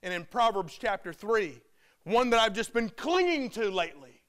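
A man preaching a sermon with emphatic delivery, building to loud shouted peaks. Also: sits high, sing-song, moderate pace, clean tone.

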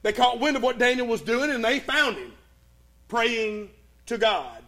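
Preaching animatedly, a very high-voiced man tells a Bible story in a sermon, pausing for drama. He moves between loud urgency and near-hushed passages.

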